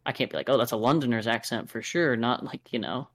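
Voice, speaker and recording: A man's voice: mid-range voice, fast talker, fairly bright tone. An American man co-hosting a podcast, chatting casually about an album with many fillers and restarts. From United States. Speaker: podcast co-host. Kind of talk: casual review chat.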